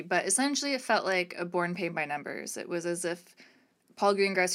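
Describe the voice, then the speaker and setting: A woman's voice: lowish voice, fairly bright tone. Playful chatty woman film podcaster. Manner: chatty, playful, quick to laugh. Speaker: podcast co-host. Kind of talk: casual film chat.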